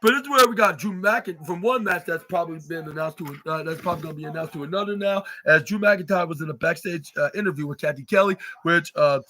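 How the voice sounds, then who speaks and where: Man, podcast host, casual recap, high voice, rambling with lots of fillers. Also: quick pace, hardly any pauses, pushed and bright. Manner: rambling, many fillers and restarts. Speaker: podcast host reviewing a wrestling show.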